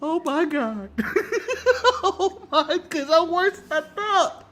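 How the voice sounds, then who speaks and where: American male co-host, sharp and animated, foul-mouthed giggling joker. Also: extremely high pitch, slow pace. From United States. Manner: profane, laughing joker. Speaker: podcast co-host. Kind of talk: casual chat.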